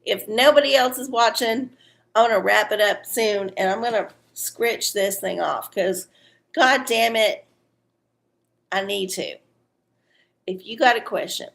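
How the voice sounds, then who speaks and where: A woman's voice: mid-range voice, takes it slowly, vocal fry, pauses often, a bit bright. A woman hosting a livestream where she reads oracle cards. She chats bluntly and swears freely, a little teary-eyed. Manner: blunt, profane and chatty. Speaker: livestream host doing tarot-style readings. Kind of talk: casual livestream chat.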